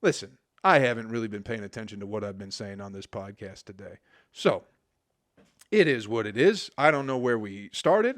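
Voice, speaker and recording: A Michigan man in his forties hosts a solo podcast, his medium-pitched voice recorded cleanly in a studio with no room sound. His monologue is crude, profane and rambling, trailing off into mumbles.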